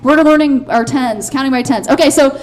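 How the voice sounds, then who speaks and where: A woman leading a children's Bible skit on a church stage, playful and upbeat, with quick cheering bursts. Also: high-pitched, darkish tone.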